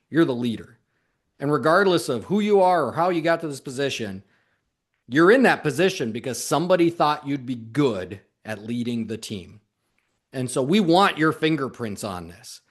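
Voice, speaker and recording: A man giving a direct, emphatic coaching talk as a sales coach, speaking straight to his listeners. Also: medium pitch. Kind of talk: motivational talk to camera.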